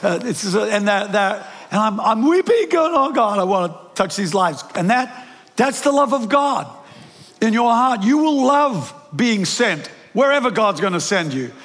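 A man's voice: high-pitched, expressive, measured pace, a bit bright. An older man with a New Zealand accent preaching a sermon, telling stories with lots of restarts and self-deprecating asides. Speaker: pastor. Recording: preached in a large reverberant hall.

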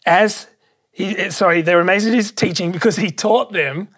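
A pastor preaching a sermon, emphatic and excitable, repeating key phrases for weight. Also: medium pitch, moderate pace.

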